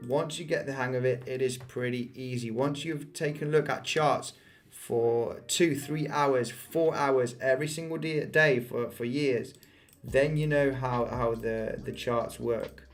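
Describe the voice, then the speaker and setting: A man's voice: mid-range voice, fairly even intonation. Hype-talking man. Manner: fast, restarting, hype-driven talk with viewer asides. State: out of breath. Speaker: crypto trading livestream host. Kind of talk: live chart analysis with chat.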